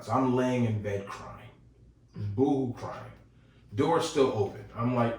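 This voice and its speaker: A man's voice: mid-range voice, normal speed. Man telling a ghost story, echoey room. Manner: animated ghost-story telling, chuckles through it. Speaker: podcast host. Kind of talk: casual storytelling. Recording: echoey room, distant mic.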